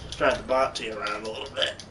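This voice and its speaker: A man's voice: on the low side, steady tone, quick pace, distant mic. A young man chatting casually while playing a game, offhand and jokey. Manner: offhand, jokey, mock-dramatic. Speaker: gamer. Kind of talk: casual chat while gaming. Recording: noisy game audio behind.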